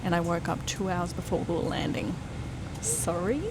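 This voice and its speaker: A woman's voice: fairly low pitch, normal speed. A young woman vlogging from a business class airplane cabin, talking to her camera in an indignant, ranting way. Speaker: travel vlogger. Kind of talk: casual vlog talk to camera. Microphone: handheld camera. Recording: loud plane cabin engine noise. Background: loud engine noise.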